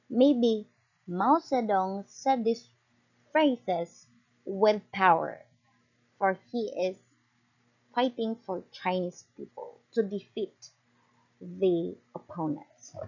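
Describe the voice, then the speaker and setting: A young woman student giving a class report, reading from notes with small slips and quick apologies. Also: mid-range voice, darkish tone. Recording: dull lo-fi recording.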